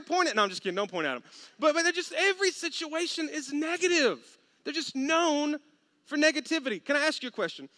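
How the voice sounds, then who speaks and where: An animated man preaching a lively, humorous sermon. His voice is high and bright, and the sound is dry and close. He acts out little voices as he tells the story. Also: dry recording. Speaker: pastor.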